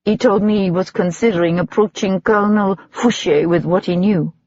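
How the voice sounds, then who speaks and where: Husky audiobook narrator, dull recording. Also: medium pitch, steady tone, moderate pace, a little mellow, dry recording. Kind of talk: scripted narration.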